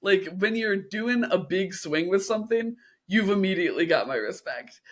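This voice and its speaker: A woman's voice: medium pitch, animated, moderate pace. Upbeat woman co-hosting a podcast. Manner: upbeat, agreeable, steers the talk. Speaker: podcast co-host. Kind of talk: casual chat.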